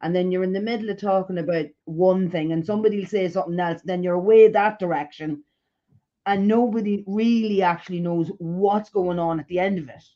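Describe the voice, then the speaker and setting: A woman's voice: fairly low pitch, a little fast, dull audio. A woman in late-night casual chat, explaining in long run-on thoughts. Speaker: co-host.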